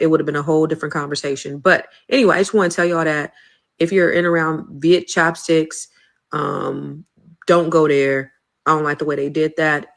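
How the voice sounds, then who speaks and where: A middle-aged woman holds forth in a casual vlog rant, heated and emphatic and quick to swear. Her voice sits a little on the low side. The room around her carries a noticeable echo. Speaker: social media commentator. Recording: roomy echo.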